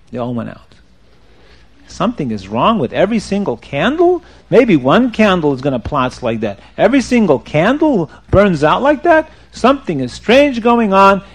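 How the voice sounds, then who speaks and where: Male storyteller for children, animated, slightly high voice with a gravelly rasp. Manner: animated, quizzes the listeners.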